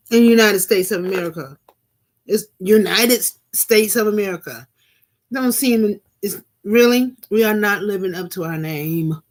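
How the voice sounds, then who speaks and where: A woman's voice: medium pitch, animated, unhurried, pauses often, a little mellow. A middle-aged woman hosting a casual live vlog, preaching in a loose, repetitive way and laughing now and then. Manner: preachy, repeats phrases for emphasis, laughs at things. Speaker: vlog host and minister. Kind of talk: casual live-stream commentary.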